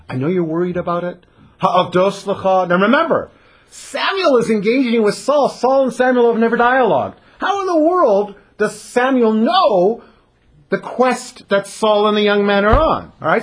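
A man's voice: high voice, husky. A man teaching a verse-by-verse scripture class, reading verses and acting out the characters' lines. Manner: animated, acts out the characters' lines. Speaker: Torah teacher.

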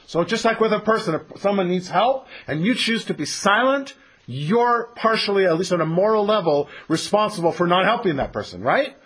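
Male teacher for a text study class, lively and emphatic, a bit husky, quizzes the room as he explains. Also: fairly high pitch.

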